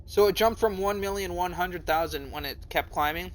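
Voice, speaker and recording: A young man streaming live, reading a story aloud and reacting to it with lots of swearing and sudden high, panicked cries. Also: fairly quick, hardly any pauses, a bit bright, slight background noise.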